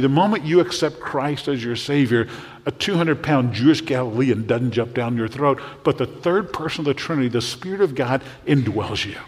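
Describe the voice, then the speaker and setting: A male pastor preaching a sermon in a church, animated, often acting out the voices he quotes and repeating words as he goes. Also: medium pitch. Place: church sanctuary. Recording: long hall reverb.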